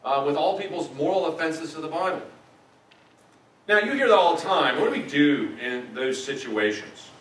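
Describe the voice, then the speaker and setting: A man's voice: a little high, lively intonation, normal speed, fairly bright tone. A middle-aged man giving a teaching lecture at a church in a conversational way with dry humor. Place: church sanctuary. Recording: echoey church room from a distance, faint ambience.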